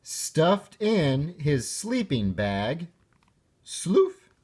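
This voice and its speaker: A man reading a children's picture book aloud with expressive delivery and playful sound words. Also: medium pitch, drawn-out words. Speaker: narrator.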